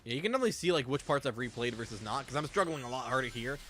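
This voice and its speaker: A man's voice: mid-range voice, expressive, racing, fairly bright tone, slight background noise. A young man chatting casually while streaming a game, rambling and swearing freely. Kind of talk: casual gameplay commentary.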